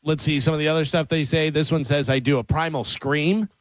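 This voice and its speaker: A man co-hosting a morning radio show in casual chat, animated and acting out his own quotes in a studio. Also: a little high, a little fast, dry recording, poor audio. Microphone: close studio mic.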